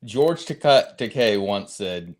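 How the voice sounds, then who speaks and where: Man giving measured, reflective takes. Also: on the low side, expressive. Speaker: podcast co-host. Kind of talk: casual chat.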